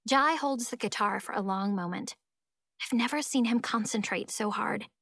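A woman narrating a children's fantasy audiobook in the first person, lively and expressive. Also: mid-range voice, moderate pace, creaky, dry recording, studio quality.

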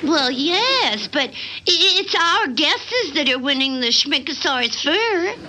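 An actress voicing a sweet, cheerful young cartoon housewife who talks in a chirpy, giggly way. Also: female voice, high-pitched, big pitch swings, takes it slowly, pushed and bright, slight background noise, exaggerated voice. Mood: eager.

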